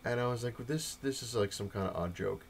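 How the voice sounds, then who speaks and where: A man's voice: medium pitch, brisk, creaky, a little hiss or hum. A young man rambling through a casual comic-collecting update, full of fillers and quoted exchanges. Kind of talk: casual update rant to camera.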